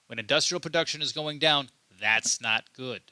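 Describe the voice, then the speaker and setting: A man's voice: medium pitch, moderate pace, bright, forceful tone, no echo. A man hosting his own political commentary show, talking emphatically off the cuff and often repeating and restarting his words. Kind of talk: unscripted commentary monologue.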